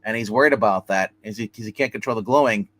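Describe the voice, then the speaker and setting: A man hosting a live comic book review stream, retelling a story in a casual, animated way and acting out the characters' lines. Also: fairly low pitch, fast.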